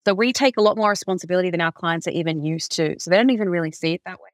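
A woman recruitment firm founder talking through stories in an animated, conversational way, with plenty of "like". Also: fairly low pitch, very fast, no echo, clean studio sound. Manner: animated storyteller, heavy use of "like". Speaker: recruitment company founder, guest. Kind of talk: conversational podcast interview.

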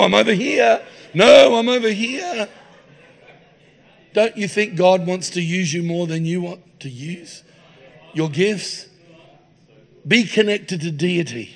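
Gravelly preacher telling stories. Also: male voice, high voice, a bit bright. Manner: jokey, anecdotal. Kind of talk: humorous sermon storytelling. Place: church hall.

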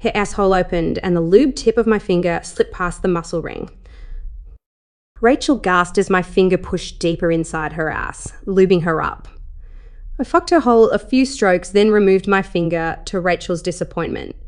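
Low-voiced woman narrating an adult story. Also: normal speed. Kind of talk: first-person erotic story narration.

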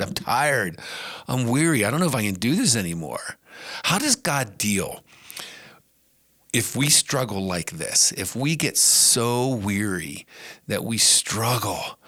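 A man's voice: medium pitch, bright, forceful tone, no room sound, studio quality. A middle-aged man hosting a podcast, giving an earnest, conversational devotional talk with emphatic rises. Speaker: podcast host and preacher.

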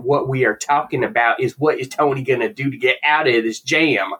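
Husky, rambling male podcast co-host. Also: mid-range voice, fairly bright tone. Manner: rambling, halting, banters back. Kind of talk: casual comic book podcast chat.

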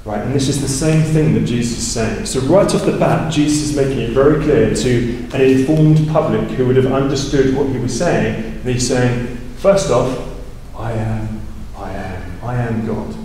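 This sermon comes from a man whose voice is mellow and warm, talking through scripture in a conversational way and checking in with "right?" at a normal speed with few pauses. For emphasis he gets higher and louder. He's recorded from a distance in a big, echoing church hall, with faint ambience and a touch of hiss or hum.

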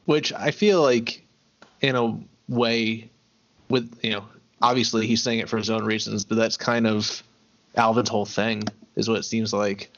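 A man co-hosting a podcast, chatting casually about a TV episode in a measured, thoughtful way with dry humor. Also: fairly low pitch, steady tone, highs cut off. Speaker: podcast co-host. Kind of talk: casual chat recapping a TV episode.

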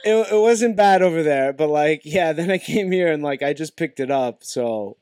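A man's voice: a little high, lively intonation, moderate pace, a little mellow. A young man from Quebec, a podcast guest, telling loose stories with laughs and swearing. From Quebec, Canada. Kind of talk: casual chat.

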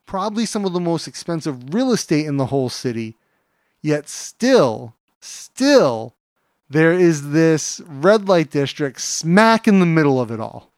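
A man's voice: a little high, lively intonation, moderate pace, hardly any pauses, dry recording, clean studio sound. A man co-hosting a podcast, chatting casually and telling stories with plenty of fillers. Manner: chatty storyteller, many fillers. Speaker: podcast co-host.

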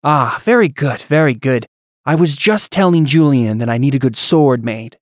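A man voicing a pampered, showy nobleman who talks in a musical, drawling, overly loud way. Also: mid-range voice, expressive, normal speed, no echo, clean studio sound, voice pushed up, lightly acted. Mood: pompous. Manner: loud, drawling and self-satisfied.

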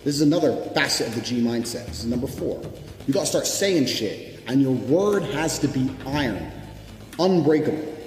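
A man's voice: mid-range voice, expressive, normal speed, darkish tone. Brash motivational speaker, a man swearing hard and hammering each point, long hall echo. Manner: blunt, profane, emphatic. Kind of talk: motivational speech. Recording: echoey hall reverb with background music.

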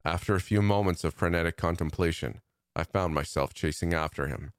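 A man with a very low voice reads a first-person horror story in a steady, measured way. The sound is dry and close to the mic, without any room echo. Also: clean tone. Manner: steady, measured, tense reading. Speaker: story narrator.

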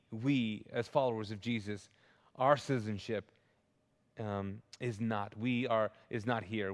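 A man preaching a live sermon as pastor, earnest and emphatic, often restarting his sentences. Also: medium pitch. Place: large church auditorium. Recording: long hall reverb.

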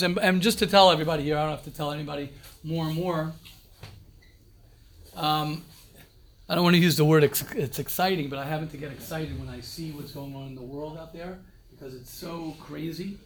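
Emphatic high-voiced man rabbi. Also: a bit bright, slight background noise. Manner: emphatic, repeats phrases, mixes in Hebrew and Yiddish words. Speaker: rabbi giving a talk to yeshiva students. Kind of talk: informal talk to students.

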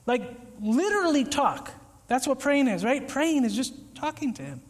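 A man preaching a casual, conversational sermon, acting out little scenes with sudden shouts and whispers. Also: very high-pitched, big pitch swings, normal speed. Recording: echoey hall with long reverb.

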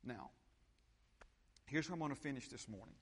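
Animated preacher with hall reverb. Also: male voice, mid-range voice, normal speed, breathy edge. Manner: animated preacher, repeats phrases and checks in with the congregation. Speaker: pastor. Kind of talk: sermon. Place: church sanctuary.

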